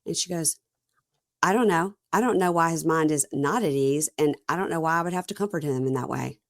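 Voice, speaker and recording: Chatty low-voiced woman retelling scenes. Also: brisk, no echo, clean studio sound. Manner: retells scenes by quoting both sides in her own voice, chatty and animated. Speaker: podcast host. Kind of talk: casual chat recapping a reality show.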